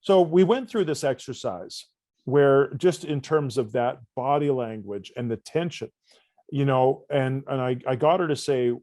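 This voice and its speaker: A man in a podcast interview, telling stories and acting out the voices of the people in them. His voice sits at a middle pitch and sounds close and dry, with no room around it. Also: measured pace, dry recording. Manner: animated storyteller, acts out dialogue. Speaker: guest coach.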